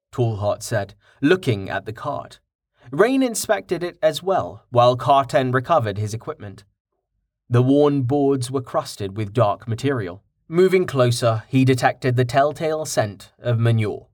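Expressive male fantasy audiobook narrator. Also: mid-range voice, unhurried, no room sound, studio quality. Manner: expressive storytelling.

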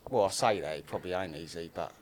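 A man's voice: deep voice, quick pace, a little hiss or hum. A man, a podcast guest talking in a laid-back, rambling, sweary way. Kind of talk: casual podcast chat.

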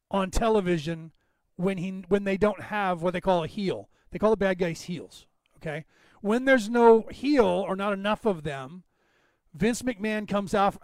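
A podcast host from Northern California delivers a casual monologue to listeners in a high voice at a moderate pace, with no room sound. He rambles emphatically and calls out listeners by name.

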